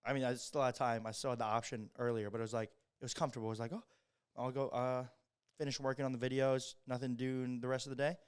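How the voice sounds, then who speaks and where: A man's voice: mid-range voice, flat delivery, fast talker, smooth. A twenty-one-year-old man co-hosting a podcast, talking in a laid-back, hesitant way with many fillers. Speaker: podcast co-host. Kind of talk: casual chat.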